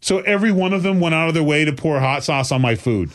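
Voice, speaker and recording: Animated man telling a comic story. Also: on the high side, quick pace. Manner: animated storyteller who slips into mocking impressions. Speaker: podcast co-host. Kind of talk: casual chat.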